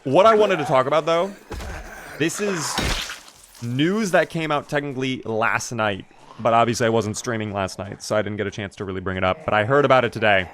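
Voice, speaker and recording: Male streamer, mid-pitched, laid-back gaming chatter with sudden excited upswings. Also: brisk, slight background noise. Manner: chatty, relaxed, reads and answers chat. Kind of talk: casual live-stream gaming commentary.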